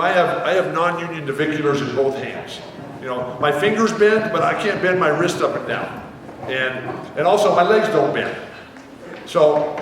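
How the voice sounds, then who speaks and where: A man's voice: a little high, recorded from a distance, a little hiss or hum. Older man spinning stories in an echoing theater. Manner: rambling, animated anecdotes with acted-out quotes. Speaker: guest author. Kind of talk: storytelling to a live audience. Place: theater with live audience. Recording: echoey hall, mic heard from afar.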